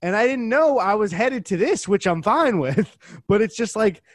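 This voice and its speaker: Chill young dude cohosting a podcast, bit higher voice, dead dry mic, drags words out for effect. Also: male voice, lively intonation, moderate pace, no echo. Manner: laid-back storytelling, stretches words for emphasis, laughs often. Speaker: podcast co-host. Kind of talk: casual chat. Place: podcast studio, live stream.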